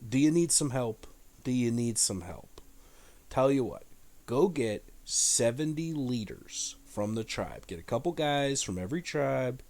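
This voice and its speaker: A man voicing a deity who answers a complaint in a calm, casual, offhand way. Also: mid-range voice, measured pace. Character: laid-back male deity, calm and offhand.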